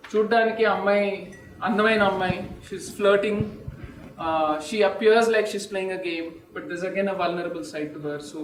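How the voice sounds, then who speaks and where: A film director answering interview questions quickly, mixing in phrases from another language. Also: male voice, sits high, recorded from a distance. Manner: quick, mixes in Telugu phrases. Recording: echoey room, from off-mic.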